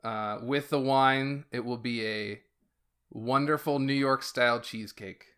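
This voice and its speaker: Slow-talking man with a smooth bright voice. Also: medium pitch, fairly even intonation. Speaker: podcast co-host. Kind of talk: casual chat.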